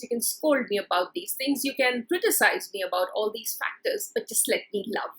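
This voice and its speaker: A woman lecturing on a poem, paraphrasing its lines in plain speech with frequent pauses and fillers. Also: fairly high pitch, very animated, a bit bright, low-quality recording. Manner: frequent fillers and restarts while explaining. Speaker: literature lecturer. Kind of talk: explanatory poetry lecture.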